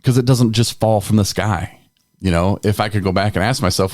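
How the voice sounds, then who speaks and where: A man's voice: fairly low pitch, fairly quick, no room sound, clean studio sound. A young adult man co-hosting a podcast in a casual chat, telling candid stories and acting out the people in them. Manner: candid, storytelling with quoted voices and laughs. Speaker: podcast co-host.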